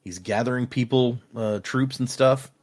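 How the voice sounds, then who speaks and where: With a medium-pitched voice at a moderate pace, this man goes over book chapters for a casual podcast book club. His recap is animated, with scenes brought to life through playful, acted-out quoted voices.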